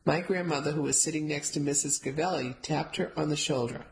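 A woman's voice: deep voice, a little fast, few pauses, a little mellow, poor audio. A woman narrating a first-person novel, telling the story steadily with light character voices. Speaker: audiobook narrator.

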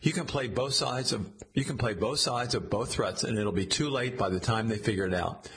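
A man's voice: mid-range voice, moderate pace, a bit bright, slight background noise, natural voice. A man reading a satirical story, voicing a smug, scheming male AI chatbot that talks in a sly, slangy, coaxing way. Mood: gloating.

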